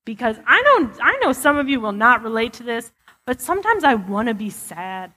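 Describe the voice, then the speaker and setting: A woman with a slightly high voice tells her own story to a congregation. She talks candidly and loosely, full of casual fillers. The sound carries a long echo from the church sanctuary. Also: sing-song, normal speed, pushed and bright. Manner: candid, chatty, many fillers. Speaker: church speaker. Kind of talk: personal testimony sermon. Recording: long hall reverb.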